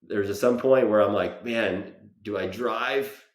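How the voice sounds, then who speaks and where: A middle-aged man casually telling a personal story, halting with many fillers and restarts. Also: fairly low pitch, reverberant. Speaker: vlogger.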